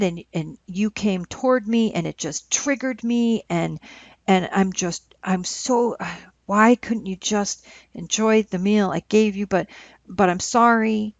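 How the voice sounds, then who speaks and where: A woman voicing a volatile young man who shouts in rage and later stammers tearfully. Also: mid-range voice, unhurried, no echo, lightly acted. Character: volatile young man, angry then pleading. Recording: dull lo-fi recording.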